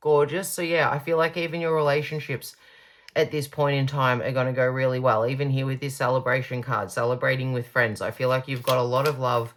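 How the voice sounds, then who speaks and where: A woman's voice: very deep voice, little pitch movement, a little fast. A woman giving a pick-a-card tarot reading, gushing and reassuring, stretching out her emphatic words.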